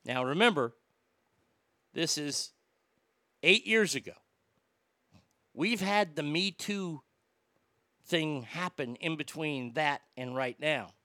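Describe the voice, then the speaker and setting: A man's voice: on the high side, animated, takes it slowly, pauses often, bright, forceful tone, dry recording. A middle-aged man hosting a talk show, ranting with blunt opinions and stammering restarts.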